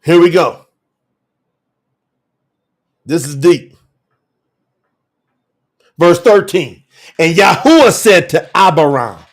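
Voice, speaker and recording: A man teaching scripture on a livestream in an animated, colloquial way, laughing often and calling out viewers by name. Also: on the high side, takes it slowly, pauses often. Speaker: bible teacher.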